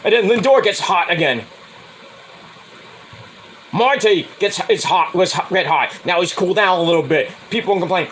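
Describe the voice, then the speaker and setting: A man's voice: animated, moderate pace, long pauses, fairly bright tone, a little hiss or hum, low-quality recording. Profane New man ranting about sports. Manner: profane, blunt, mocks with high whiny voices. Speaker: podcast host. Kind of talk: casual sports rant.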